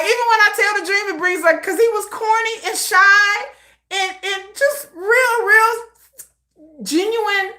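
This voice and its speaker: Woman vlogger, high bright voice, chatty animated storytelling, echoey room. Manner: chatty, animated retelling with many fillers. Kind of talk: casual storytelling.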